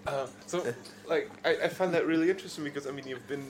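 A man's voice: a little high, fast talker, a crowd in the background. A man interviewing a musician, asking casual questions in loose, hesitant phrasing.

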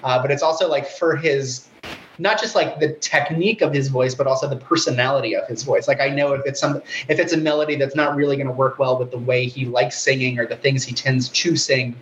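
A young man with a relatively high, nasal voice, chatting animatedly as a guest on a remote interview. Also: dull audio, slight background noise. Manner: fast, animated, talkative, self-deprecating. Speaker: guitarist and songwriter, guest. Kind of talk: casual interview chat.

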